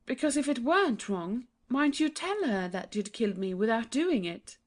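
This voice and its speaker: A woman's voice: on the high side, very animated, normal speed. A woman voicing a young, trusting princess, earnest and pleading in a childlike way.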